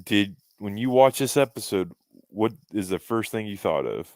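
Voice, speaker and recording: A man with a low voice, talking in a loose, rambling way on a casual podcast. He is recorded close and dry, with no room sound around him. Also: lively intonation, moderate pace, dry recording. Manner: rambling, restarts often, fan opinions. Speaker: podcast co-host. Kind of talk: casual chat.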